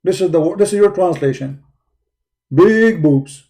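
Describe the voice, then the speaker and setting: A man's voice: high-pitched, fast, gravelly, dark tone. A man hosting a call-in show, talking with a sarcastic, teasing manner and breaking into mocking sing-song.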